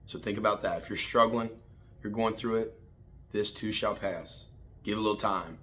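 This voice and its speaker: A man's voice: lowish voice, steady tone, normal speed, a bit bright, a little hiss or hum. A man hosting a casual morning motivational talk, swearing freely and preaching to his listeners, calling them man and baby. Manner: profane, fired-up, preachy. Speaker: host.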